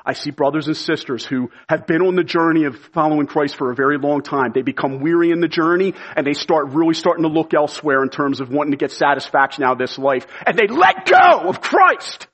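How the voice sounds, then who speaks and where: A pastor preaching a sermon with earnest conviction, building to emphatic, shouted appeals. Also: male voice, on the high side, steady tone, quick pace, hardly any pauses.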